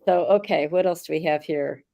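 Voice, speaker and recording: Lower-voiced woman reading viewer questions. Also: fairly quick, mellow. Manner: laughs easily, reads out viewer questions. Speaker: interviewer. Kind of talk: casual interview chat.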